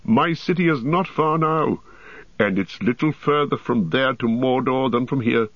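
A man's voice: mid-range voice, unhurried, no room sound, voice pushed up. A proud, desperate warrior, played by a male audiobook reader pushes his words out in a raised, impassioned voice. His speech swings between coaxing and fury but stays declamatory throughout. The sound is dry and a little muffled. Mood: urging. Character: proud tall warrior man, desperate and volatile. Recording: dull, dry audiobook recording.

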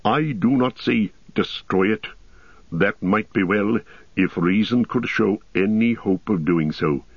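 A man's voice: on the low side, takes it slowly, husky, dry recording, full character voice. A man voicing a proud, volatile tall warrior who speaks in an impassioned, declamatory way. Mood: persuasive. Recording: dull, dry audiobook recording.

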